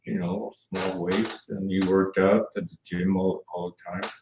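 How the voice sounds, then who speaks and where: Soft-spoken low-voiced man, off-mic. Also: level tone. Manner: soft-spoken, hesitant, many pauses and fillers. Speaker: interview guest, former TV cameraman. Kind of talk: casual interview chat. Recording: echoey room, a bit far from the mic, faint background noise.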